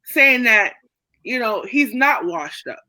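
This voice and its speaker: A woman's voice: fairly high pitch, expressive, slow, pushed and bright, dry recording. A woman co-hosting a sports podcast, arguing her picks assertively and holding the floor in casual debate. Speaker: podcast co-host.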